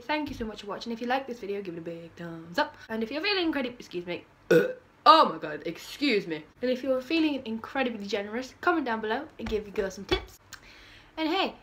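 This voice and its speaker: A woman's voice: on the high side, a bit bright, a little hiss or hum. A teenage girl, chatting casually in a bubbly, giggly vlog style with dramatic outbursts. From United Kingdom. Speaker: vlogger.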